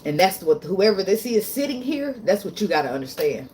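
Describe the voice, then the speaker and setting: A woman's voice: medium pitch, big pitch swings, fairly quick, mellow, slight background noise. A woman doing a casual tarot reading vlog, talking bluntly with lots of swearing, getting emotional and laughing often. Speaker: tarot reader.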